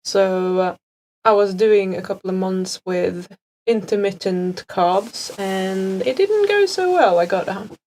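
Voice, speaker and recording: A woman's voice: medium pitch, expressive, takes it slowly, a little mellow, poor audio. A woman co-hosting a live Q&A, reading questions and chatting casually with a cheeky edge. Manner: casual, cheeky, swears lightly. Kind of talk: live Q&A chat.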